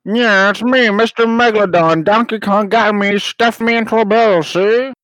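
A man voicing a silly megalodon shark in a high, goofy bit voice. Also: fairly even intonation, moderate pace, a bit bright, no echo, rough recording.

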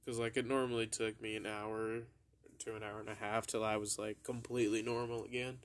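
A man's voice: on the low side, level tone, fairly quick. A young man hosting a podcast, casually telling a rambling, profane story and laughing at his own jokes. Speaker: podcast host.

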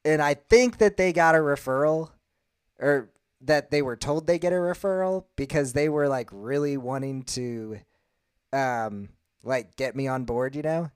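A man co-hosting a casual podcast chat, curious and asking questions, telling stories in a relaxed way. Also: fairly high pitch, a little slow, smooth, dry recording, studio quality. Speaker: podcast co-host.

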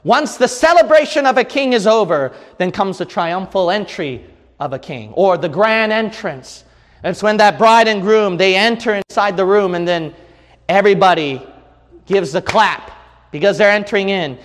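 A man preaching a sermon as pastor, building from quiet reflection into shouted crescendos. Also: high voice, moderate pace, big-room sound.

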